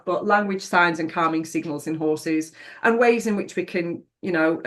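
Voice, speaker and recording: A middle-aged woman, a podcast guest telling a personal story in a frank, reflective way and swearing now and then. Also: on the low side.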